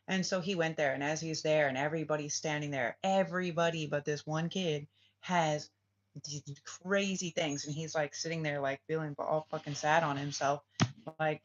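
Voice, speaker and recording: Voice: medium pitch, fairly even intonation, moderate pace, lo-fi sound. A spiritual reader and channel host telling a story in a casual vlog, rambling, swearing often, restarting phrases and asking "right?" again and again.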